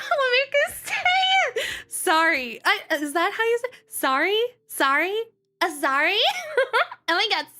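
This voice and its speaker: High-voiced chatty woman streamer. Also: pushed and bright. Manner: chatty and rambling, laughs often, greets chat by name. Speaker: streamer and voice actor. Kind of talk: casual live-stream chat to viewers.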